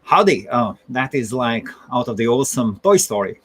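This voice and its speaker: A man hosting a casual livestream interview, enthusiastic and quick to laugh. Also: mid-range voice, slightly rough. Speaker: livestream host.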